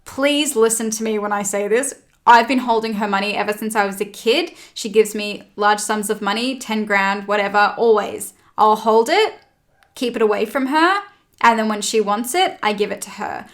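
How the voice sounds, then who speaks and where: A woman's voice: mid-range voice, moderate pace. A young woman chatting as a podcast guest, retelling a personal story with plenty of swearing. She voices her own past lines as she goes, in an everyday mid-range voice. The delivery is loose and conversational. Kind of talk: casual storytelling chat.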